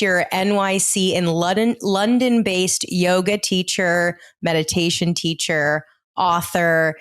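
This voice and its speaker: A woman with a lowish voice co-hosts a casual podcast as a therapist. She banters in a brisk, playful way and swears freely. The sound is close and dry. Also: no echo.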